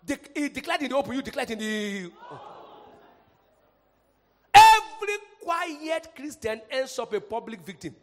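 A male pastor preaching a fervent sermon, jumping from loud shouts down to quiet asides. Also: very high voice, very animated, moderate pace. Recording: hall reverb.

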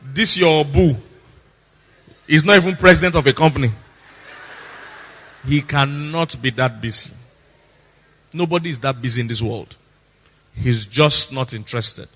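Bright, emphatic pastor. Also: male voice, mid-range voice, a little slow, pauses often, slightly rough, big-room sound. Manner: emphatic, repeats lines for effect, theatrical impressions. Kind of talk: sermon.

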